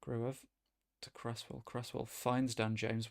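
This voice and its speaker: A man chatting casually as he streams a football management game, rambling and breaking into sudden excited outbursts. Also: mid-range voice, a little slow, gravelly. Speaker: gaming streamer. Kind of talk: casual gameplay commentary.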